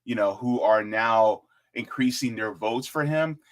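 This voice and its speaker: A man hosting casual political commentary in an animated, joking way, with chatty asides. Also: mid-range voice, measured pace.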